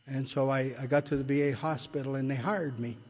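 A man's voice: mid-range voice, steady tone, brisk, a little mellow. Older man telling his recovery story in a hall. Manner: rambling storyteller, repeats and restarts, rises when retelling. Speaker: AA speaker sharing his story. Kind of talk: recovery meeting talk. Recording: long hall reverb.

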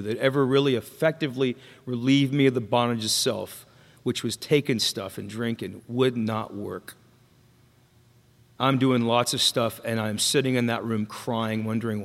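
In a meeting hall before an audience, a man tells his personal recovery story, candid and self-deprecating, often stopping and restarting his sentences. His mid-range voice has a fairly bright tone, and the recording carries a long hall reverb.

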